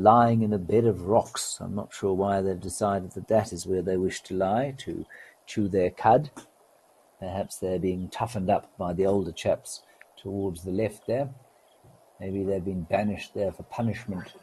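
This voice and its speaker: A man hosting a live wildlife stream, talking in a relaxed, gently wry way and greeting viewers. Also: low-pitched, a little hiss or hum, low-quality recording.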